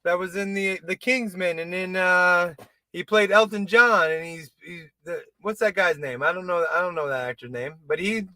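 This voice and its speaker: A man hosting a casual pop culture chat, rambling and excitable, restarting his sentences and swearing freely. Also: sits high, moderate pace, no room sound. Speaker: podcast host.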